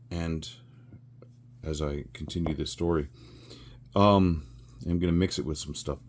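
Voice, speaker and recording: A man in his sixties with a low, darkish voice works on a resin craft while telling a rambling story, chuckling and using fillers as he goes.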